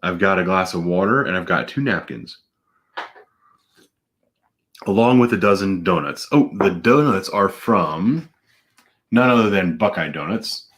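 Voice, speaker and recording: A man's voice: low voice, expressive, unhurried, long pauses, fairly bright tone. A man in his thirties, a police officer and vlogger, chatting casually at home while eating donuts with his mouth full. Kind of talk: casual vlog, eating challenge.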